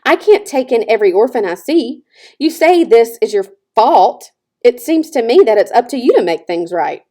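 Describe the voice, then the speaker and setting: A woman voicing a blunt, bossy old gray goose who speaks in brisk, scolding squawks, read from a storybook. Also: on the high side, animated, mellow.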